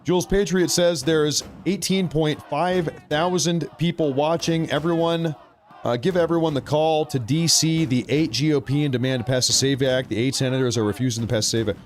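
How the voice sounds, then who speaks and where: A man's voice: on the high side, fairly even intonation, normal speed. Man hosting a ranting political livestream. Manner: sarcastic, emphatic ranting. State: losing his voice. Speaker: livestream host.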